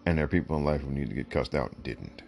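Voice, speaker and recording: A man's voice: extremely low pitch, quick pace, creaky, a little mellow, slight background noise. A man hosting his own show, giving blunt, emphatic opinions and often repeating "look" to drive points home, while fighting the hiccups. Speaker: podcast host. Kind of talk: opinionated solo commentary.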